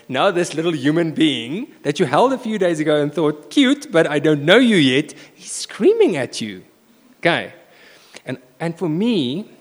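A man preaching a sermon, telling a personal story with animated swings between loud bursts and hushed asides, in a church hall. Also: mid-range voice. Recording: echoey hall reverb.

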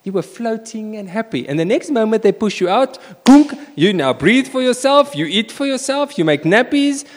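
A man preaching a sermon, telling a personal story with animated swings between loud bursts and hushed asides, in a church hall. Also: high-pitched, normal speed, a little hiss or hum. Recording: echoey hall reverb.

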